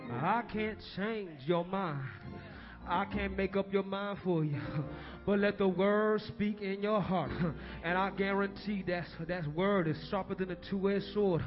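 A man preaching a sermon in a rhythmic call-and-response style, rising to shouted refrains. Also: sits high. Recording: dull lo-fi recording with music behind.

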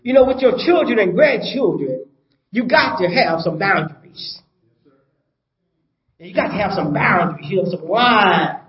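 Older guy preaching, kinda high voice, keeps asking "you follow me", echoey muffled room. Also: expressive, a little slow. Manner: emphatic, repeats points, asks the congregation rhetorical questions. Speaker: pastor. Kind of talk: sermon.

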